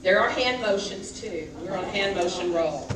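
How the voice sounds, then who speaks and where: A woman minister's mid-range voice moves with lively intonation at a normal pace as she preaches conversationally, questioning the people in front of her. The mic sits far off in the church sanctuary, so the hall echoes.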